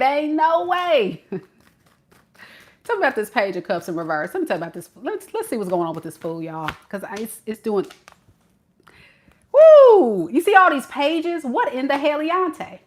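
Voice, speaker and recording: Sassy animated woman tarot reader. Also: a little high, moderate pace, pauses often. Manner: sassy, slangy and animated, laughs often. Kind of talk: casual tarot reading to camera.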